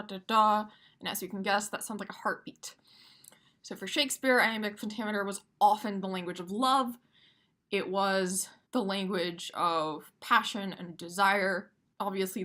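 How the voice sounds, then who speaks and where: Woman, poetry teacher, casual lecture tone, emphatic, mid-pitched. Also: fairly bright tone. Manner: casual, emphatic, taps out rhythms aloud. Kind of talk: explaining poetry for exam review.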